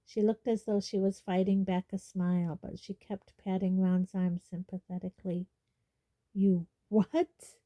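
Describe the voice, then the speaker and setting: A woman reading a storybook aloud in calm, even narration. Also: on the low side, normal speed, few pauses. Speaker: audiobook reader.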